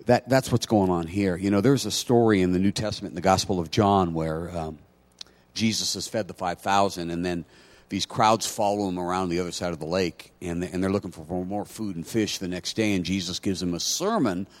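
Low-voiced man preaching a sermon. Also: fairly quick. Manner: storytelling, conversational, builds to loud emphatic preaching. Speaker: pastor.

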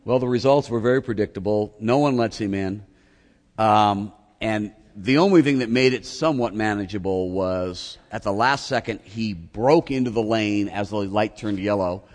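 A middle-aged pastor with a lowish voice preaches at a moderate pace. His sermon features an animated, self-mocking story complete with acted-out shouting, captured with long hall reverb.

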